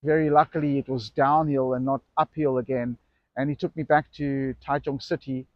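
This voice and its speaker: A man's voice: medium pitch, level tone, normal speed, no echo, highs cut off. A middle-aged man who runs an e-bike shop, telling a personal story casually to camera, rambling and correcting himself as he goes. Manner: rambling, self-correcting anecdote with acted quotes.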